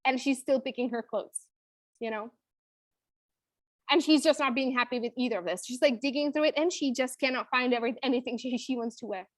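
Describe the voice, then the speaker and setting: A woman in her thirties, a business coach, tells a personal story in an emotional, confiding way, saying "you know" frequently. Her high voice moves a little fast, with no echo.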